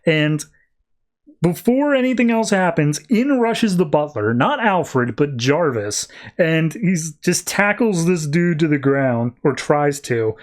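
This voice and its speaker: A man with a fairly high voice hosts a casual podcast recap. He rambles in slangy, loose sentences and slips into quick voices for the characters. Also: sing-song. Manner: rambling, slangy, acts out quotes. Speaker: podcast host. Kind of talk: casual comic book recap.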